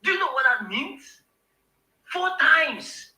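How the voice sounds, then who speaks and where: A man's voice: very high voice, lively intonation, slow, bright, forceful tone, reverberant, low-quality recording. A man with a Nigerian accent, speaking on a live show in an emotional, emphatic rant that repeats words when heated. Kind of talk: impassioned political rant.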